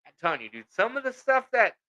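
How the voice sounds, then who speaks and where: A man's voice: high-pitched, sing-song, quick pace, pushed and bright, muffled recording. A man chatting casually on a podcast, telling rambling stories full of fillers and swearing. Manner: profane, rambling storytelling with many fillers. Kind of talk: casual chat.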